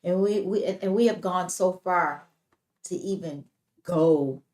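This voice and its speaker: A woman's voice: lowish voice, a little slow. A woman co-hosting a live faith talk show, chatting animatedly and switching between tones to show how people talk. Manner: animated, mimics other voices and tones. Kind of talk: casual live discussion.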